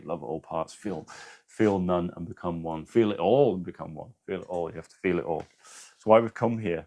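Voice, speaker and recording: A man with a fairly low voice hosts a relaxed spiritual livestream. He talks earnestly and swears freely. He reads passages aloud with strong emphasis. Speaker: spiritual live-stream host. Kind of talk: casual livestream talk, reading aloud.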